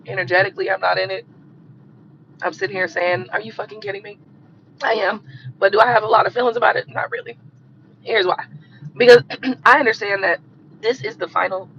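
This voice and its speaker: A woman hosting a live stream who rants bluntly and profanely and repeats herself for emphasis, her voice hoarse and coughing from a cold. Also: lowish voice, a bit bright, muffled recording, slight background noise. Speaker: tarot reader hosting a livestream.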